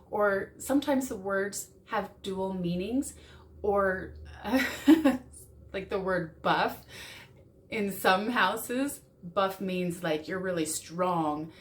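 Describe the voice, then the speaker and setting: A woman relationship coach giving earnest advice straight to camera, repeating words for emphasis. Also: mid-range voice. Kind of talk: direct-to-camera advice talk.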